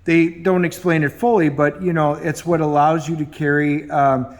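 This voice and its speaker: A man's voice: fairly high pitch, little pitch movement, normal speed. Chatty middle-aged man reviewing comics. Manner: chatty, with frequent ums, acting out quoted dialogue. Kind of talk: casual review chat.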